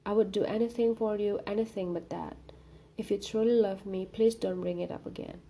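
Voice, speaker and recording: A woman's voice: medium pitch, fairly even intonation, a little fast, gravelly, dark tone. Woman reading as a tearful young girlfriend. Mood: gentle. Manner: anxious, tearful.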